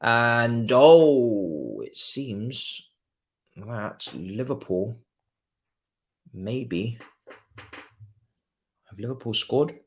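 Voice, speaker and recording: A man hosting a live football watchalong stream, chatting casually and breaking into excited cheers. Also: mid-range voice, very slow, pauses often. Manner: excitable, jumps from calm chat to loud cheering. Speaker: livestream watchalong host.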